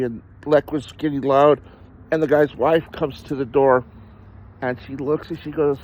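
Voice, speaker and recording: A man's voice: on the high side, steady tone, measured pace, dull audio. Rambling man telling candid personal stories. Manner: rambling, self-deprecating, frequent laughs and restarts. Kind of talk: candid personal storytelling in conversation.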